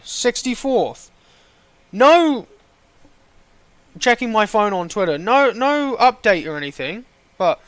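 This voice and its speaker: A man's voice: high-pitched, a bit bright, no room sound. A man streaming a game and ranting with heavy swearing and exasperated outbursts. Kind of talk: live game stream rant.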